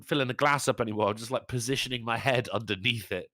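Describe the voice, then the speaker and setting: A man's voice: medium pitch, fast talker, sharp tone, dry recording, clean studio sound. A man co-hosting a podcast, chatting casually and teasing his co-host with plenty of swearing. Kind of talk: casual chat.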